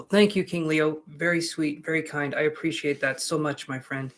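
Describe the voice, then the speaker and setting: A man with a fairly high, even voice speaks at a moderate pace. He's a tarot reader on a live stream, chatting casually with viewers in a joking, reassuring way.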